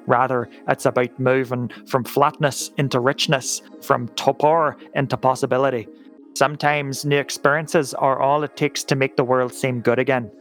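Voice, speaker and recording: Guy doing a northern irish horoscope reader, slow and earnest, faint music behind. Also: medium pitch, a bit bright, close to an everyday voice. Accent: Northern Irish, put on.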